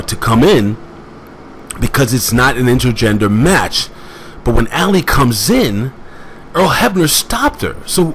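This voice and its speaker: A man casually recapping a wrestling show as host, rambling with excitable asides and plenty of fillers. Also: medium pitch, slight background noise.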